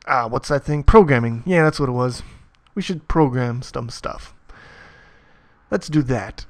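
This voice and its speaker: Male coding tutor, gravelly, slow and dry; casual, profane, self-mocking. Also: mid-range voice, expressive, dry recording. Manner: swears often, mutters while typing, self-mocking. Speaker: programming tutor.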